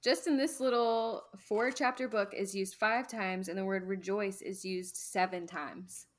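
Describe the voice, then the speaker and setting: A woman's voice: medium pitch, fairly even intonation, unhurried. A woman co-hosting a women's Bible podcast, talking in a reflective, self-deprecating way and laughing at herself. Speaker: podcast co-host. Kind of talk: casual podcast chat.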